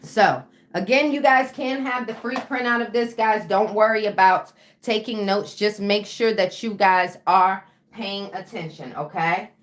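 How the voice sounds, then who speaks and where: A woman's voice: mid-range voice, measured pace, few pauses, roomy sound. A woman mindset coach teaching her viewers in a live stream, casual and full of "okay" and "right". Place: room with a whiteboard.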